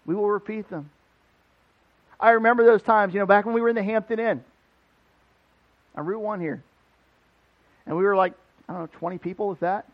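A man preaching as a pastor, telling a personal story in a casual, animated way full of "like" fillers. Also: sits high, fairly quick, long pauses, muffled recording. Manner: conversational, animated, many "like" fillers. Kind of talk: storytelling sermon. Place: church building.

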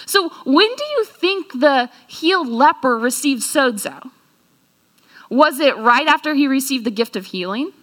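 Slow, bright-voiced woman preaching. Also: high-pitched. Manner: earnest, slows down for scripture quotes and asks the listeners questions. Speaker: speaker at a church talk. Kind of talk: sermon.

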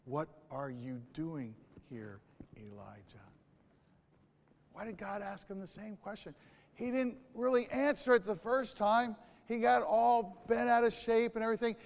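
Male pastor, high voice, easygoing preaching style; long reverb of a church sanctuary. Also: steady tone, normal speed. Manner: conversational preaching with rhetorical questions. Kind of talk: sermon.

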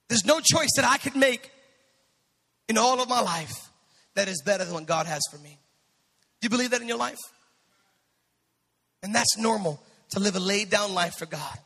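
A male pastor delivering a sermon, dropping to quiet asides and then rising into shouted, sing-song preaching. His voice sits very high for a man, sharp and gravelly. The sound carries with a long reverb through a church sanctuary. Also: expressive, normal speed, pauses often.

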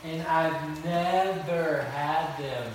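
Man in his thirties, exclaiming and laughing, very slow drawn-out delivery, distant mic, loud background noise. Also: fairly high pitch, heavy reverb. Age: 30s. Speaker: husband and father in a home video. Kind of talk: candid home video.

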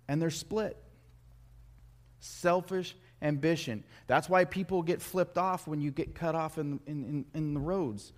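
Guy preaching, chatty and jokey, trips over his words, kinda high voice. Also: a little slow. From United States. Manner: conversational, joking asides, repeats words when starting. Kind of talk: sermon with personal stories.

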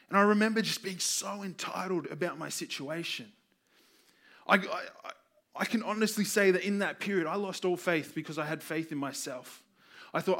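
A man's voice: high voice, moderate pace, sharp tone. A man preaching a sermon, telling stories earnestly and acting out the people in them. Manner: earnest storytelling, acts out quoted voices.

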